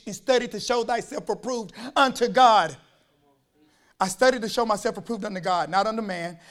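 High-voiced preacher swinging from shouts to hushes. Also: male voice. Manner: swings between shouted fervor and quiet intensity; repeats phrases for emphasis. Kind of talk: sermon.

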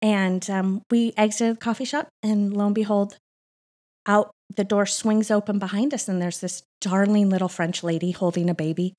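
Animated storytelling woman, laughing often. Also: mid-range voice, moderate pace. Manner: animated, laughs often, acts out quoted voices. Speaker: co-pastor and podcast guest. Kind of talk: casual storytelling interview. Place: Austin church setting. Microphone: microphone on her.

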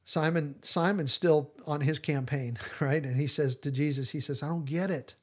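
A man's voice: a little high, moderate pace. A man hosting a podcast, retelling scenes in casual chat and acting out the quoted lines with animation. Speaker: podcast host.

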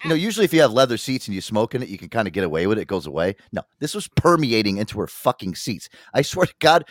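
Animated, swearing male talk-show host. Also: fairly low pitch, racing, no echo. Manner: profane, animated storytelling. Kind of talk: casual talk-radio banter.

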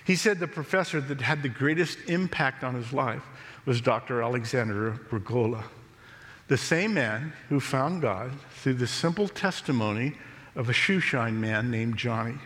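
A pastor preaching a sermon, telling a story in a slow, measured way. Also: male voice, medium pitch, animated, fairly bright tone. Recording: long reverb of a large hall.

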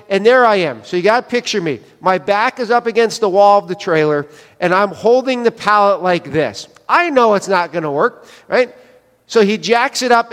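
A pastor with a high voice preaches to his congregation in a casual, joking way, asking them questions and telling stories. He walks around with a wireless mic. The sound rings with the long reverb of a church sanctuary. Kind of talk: sermon. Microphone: wireless mic, moving around.

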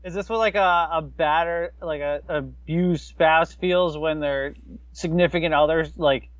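Fairly high-voiced man, dull dry sound. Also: measured pace, no echo. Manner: rambling, animated, jokey asides. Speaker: podcast co-host. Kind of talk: casual sports chat.

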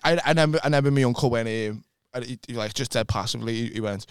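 Fast-talking joking man on a podcast. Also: medium pitch, clear, resonant tone, no room sound. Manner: quick, joking, crude. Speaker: podcast co-host. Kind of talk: casual banter.

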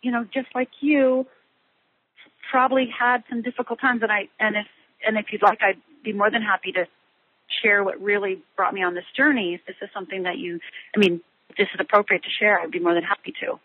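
A middle-aged woman speaks as a guest in an interview, and her voice sounds husky. She talks haltingly, restarting and filling gaps. The sound comes through a narrow, tinny phone line. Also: medium pitch, fairly even intonation. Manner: halting, many restarts and fillers. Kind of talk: telling a personal story in an interview.

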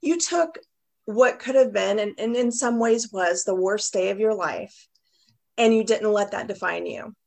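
A woman hosts a podcast interview with a gravelly, creaky edge to her voice. She speaks with open emotion, close to tears, praising her guest. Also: mid-range voice, measured pace. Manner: emotional, warm-hearted praise, near tears. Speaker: host.

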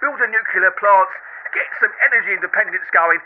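A man doing a high, ranting caller. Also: a little fast, close to an everyday voice. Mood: angry. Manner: repeats catchphrases, worked-up. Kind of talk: comedic radio phone-in sketch. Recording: phone-line audio.

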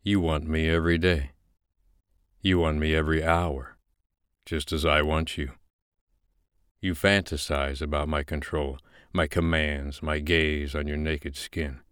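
A man playing a domineering, possessive male boss who speaks in a commanding, deliberate way. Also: rumbling low, level tone, a bit bright, clear, resonant tone, no echo, studio quality.

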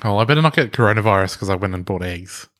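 A man's voice: fairly low pitch, lively intonation, racing, fairly bright tone. Incredulous man telling a story. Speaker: podcast co-host. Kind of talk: casual chat.

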